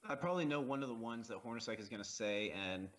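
A man in his thirties co-hosting a movie commentary podcast, telling absurd jokes in a deadpan way. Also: mid-range voice, quick pace. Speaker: podcast co-host. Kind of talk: casual movie commentary chat.

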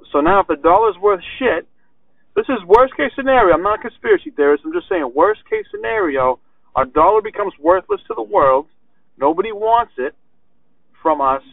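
A barber talks solo on his podcast, ranting bluntly and tossing in swears and "right?" to the listener. His voice sits a little high for a man. It comes through thin and narrow like a phone line, with no room sound. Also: no room sound.

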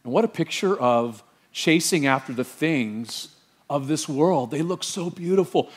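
A middle-aged man pastor preaching an animated sermon and quizzing the congregation with questions. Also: a little high, a little slow.

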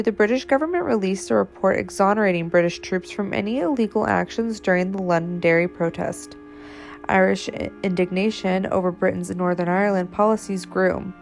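A woman's voice: mid-range voice, gravelly. A woman hosting a short history podcast, reading a scripted account in a friendly, casual tone. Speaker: podcast host.

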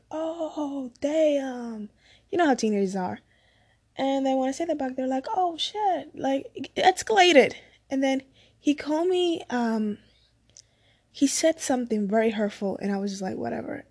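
A young woman from the Dominican Republic, high-voiced with a darkish tone, vlogs a personal story. She rambles casually, often gets sidetracked, and laughs a lot.

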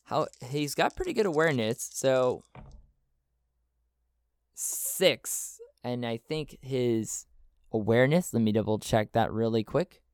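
A man's voice: medium pitch, expressive, slow, darkish tone, smooth, dry recording, studio quality. A man narrating a solo tabletop role-playing game, thinking aloud as he checks his rolls and charts. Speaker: solo game master and player.

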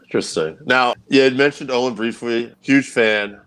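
A man's voice: mid-range voice, fairly even intonation, moderate pace, fairly bright tone, smooth. A man hosting an interview, asking eager, hesitant questions as a fan. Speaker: interviewer host.

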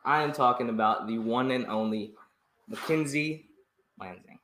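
An excitable young man hosts a casual interview, often breaking into laughter. His voice sits in a middle pitch. It rings with the echo of a roomy space. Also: moderate pace, a little hiss or hum. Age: young adult. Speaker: podcast host.

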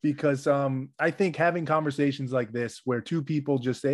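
A man hosting a podcast, talking in a relaxed and reflective way. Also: medium pitch, normal speed. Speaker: podcast host. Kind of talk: casual interview conversation.

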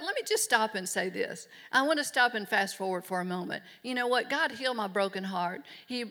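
A woman's voice: mid-range voice, sharp tone. A middle-aged woman preaching a sermon in an emphatic, earnest way. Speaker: pastor.

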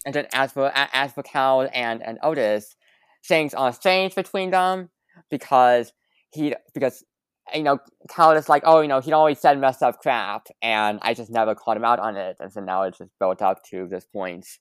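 Woman, very deep voice, podcast host, chatty plot recap, dry close sound. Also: moderate pace, clear, resonant tone, dry recording. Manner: chatty, recaps plot with frequent fillers and laughs. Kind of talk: casual movie recap chat.

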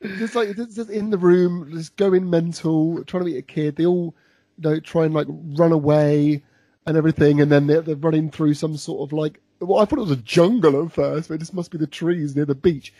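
Rambling man with a husky, mellow voice. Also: a little high, fairly even intonation, moderate pace, dry recording. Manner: rambling, laughs often, many fillers. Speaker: podcast host. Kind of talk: casual chat reviewing an episode.

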